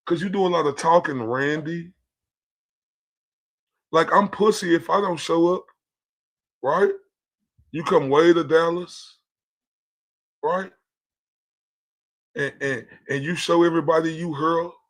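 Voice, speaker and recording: A man's voice: fairly high pitch, slow, pauses often. A man from Texas, livestreaming a profane, confrontational reaction rant. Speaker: streamer reacting to clips.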